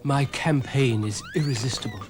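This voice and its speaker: A man's voice: medium pitch, moderate pace, music in the background, natural voice. A man voicing a grumpy, vain male dog who talks in a pompous, self-pitying way.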